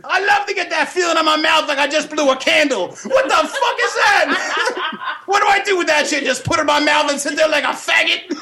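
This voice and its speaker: A man voicing a crude, loud old puppet man who shouts vulgar insult jokes and cackles. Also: very high-pitched, a little fast, voice pushed up, full character voice. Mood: crude shouting. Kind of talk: insult comedy bit on a radio podcast.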